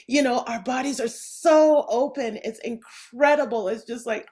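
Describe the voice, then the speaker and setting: A woman hosting a podcast interview, talking in an enthusiastic, animated way with lots of fillers and restarts. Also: fairly high pitch, normal speed, hardly any pauses. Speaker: podcast host. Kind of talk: casual interview chat.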